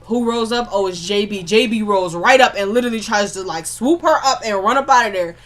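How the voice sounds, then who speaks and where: A woman's voice: medium pitch, brisk. A woman casually recapping a TV episode, talking in a slangy, conversational way and animatedly acting out what the characters said. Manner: animated storyteller acting out quotes. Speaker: TV show recap vlogger.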